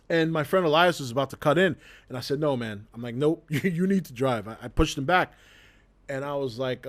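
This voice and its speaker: A man casually telling a story to his livestream chat, laughing often and swearing freely as he acts out the scene. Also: fairly high pitch. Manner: laughs often mid-sentence, swears freely, animated retelling.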